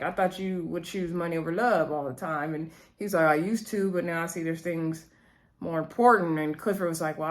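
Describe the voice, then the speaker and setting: Chatty woman recapping a TV episode. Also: on the low side. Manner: chatty, retells scenes quoting characters, laughs often. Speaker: TV recap reviewer. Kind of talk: casual spoken episode recap.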